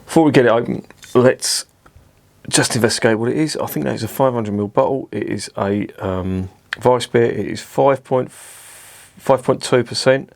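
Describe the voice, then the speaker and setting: A man's voice: mid-range voice, normal speed, creaky. A man casually reviewing a beer at home, chatty and self-mocking, swearing freely. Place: indoors at home with curtains drawn.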